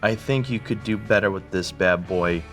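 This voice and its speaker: A man on a cooking show tastes a dish and offers easygoing, approving remarks. His voice sits a little low. Faint music plays behind him. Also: normal speed. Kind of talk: casual food critique.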